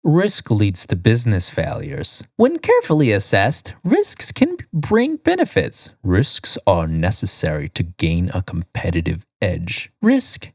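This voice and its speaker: A man's voice: fairly low pitch, huge pitch swings, unhurried, few pauses, no room sound, clean studio sound. A man co-hosting a casual podcast, reading quiz questions and options aloud in a sing-song way with frequent giggles. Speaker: podcast co-host.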